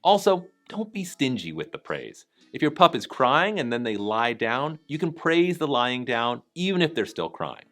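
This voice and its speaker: A man giving scripted voice-over narration for a training lesson, calm, instructive and encouraging. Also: medium pitch, moderate pace, hardly any pauses.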